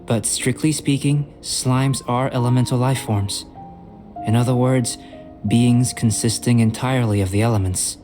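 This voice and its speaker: A man voicing a calm, composed young alchemist in a video game, measured and gently lecturing. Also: medium pitch, close to an everyday voice. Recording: game audio with clear music behind. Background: game music.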